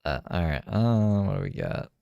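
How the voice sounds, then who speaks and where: A tired man talks casually on a stream, laid-back and swearing freely. His voice is very low and gravelly yet smooth. The close mic gives a dry, intimate sound. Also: expressive, moderate pace, dark tone, no room sound, dull audio.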